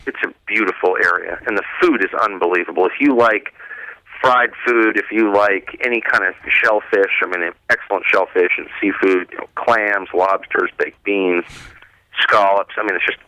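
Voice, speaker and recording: A man in his thirties calling in as a radio show guest, bantering casually and jumping into a high voice when he mocks someone. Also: moderate pace, no room sound. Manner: animated, voice jumps high when mocking. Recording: call-in phone line.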